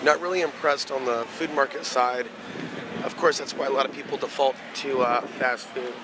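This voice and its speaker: A man's voice: medium pitch, fairly even intonation, moderate pace. A man in his thirties filming a walking-tour vlog on a camera, talking to it in a rambling, casual way as he walks outdoors. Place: outdoors on city streets. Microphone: handheld camera mic. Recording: outdoor city noise. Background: street traffic noise.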